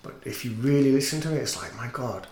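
A teacher and singer talks quickly in a medium-pitched, slightly mellow voice while guesting on a podcast. He tells his story in an earnest, reflective way during the casual interview, which has a roomy echo and faint noise.

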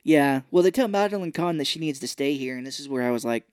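A man's voice: a little high, expressive, quick pace, darkish tone, clean tone, no room sound. American man recapping a movie, dry sound. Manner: retells scenes, acting out characters in exaggerated voices. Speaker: podcast co-host. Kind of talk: casual movie recap chat.

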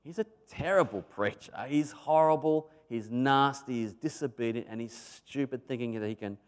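Australian male preacher, middle pitch, animated storyteller, loud emphasis and quiet asides. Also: normal speed, clear, resonant tone. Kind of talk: sermon.

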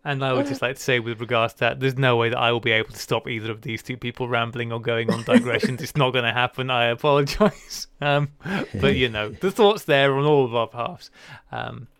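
Podcast guy, gravelly but smooth, dry close sound, chatty thank-yous. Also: mid-range voice, steady tone, brisk, few pauses, dry recording. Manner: warm sign-off, thanking listeners. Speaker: podcast co-host. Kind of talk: casual chat.

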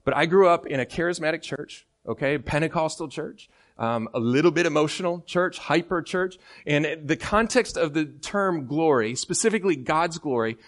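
A man with an American accent delivers a sermon, joking with the congregation and swinging from quiet asides to loud, fired-up outbursts. He grew up in Michigan and his voice sits a little high for a man. He sounds middle-aged. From Michigan, United States. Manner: animated, jokey, swings from soft to loud. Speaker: guest preacher.

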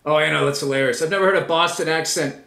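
A middle-aged man, a comedian, talking in a casual interview, riffing and mocking with quick impressions. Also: on the high side, vocal fry, pushed and bright. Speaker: comedian guest. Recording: roomy echo.

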